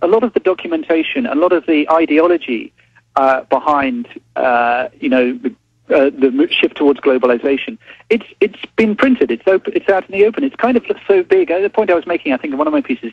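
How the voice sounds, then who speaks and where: A man, a journalist calling in to a talk show, speaking haltingly with many restarts before pressing his point. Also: a little high, animated, slightly rough, no room sound. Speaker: newspaper journalist guest. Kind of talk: phone-in interview. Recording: dull phone line.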